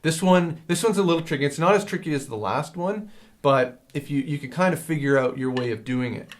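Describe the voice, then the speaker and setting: A man teaching a drum lesson in a casual, rambling way, hesitating and filling pauses as he explains. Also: fairly high pitch. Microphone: handheld field recorder.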